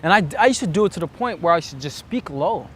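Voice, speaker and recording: Expressive and quick, a slightly high-voiced dating coach offers earnest, reflective advice in an instructional monologue. A little hiss or hum sits under his voice as he acts out the self-talk he describes.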